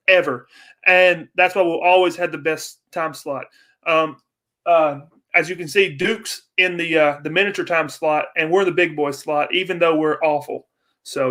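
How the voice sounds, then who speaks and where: A man's voice: fairly high pitch, sharp tone. A young man hosting a casual livestream, ranting and swearing in frustration while chatting with viewers. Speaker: livestream host.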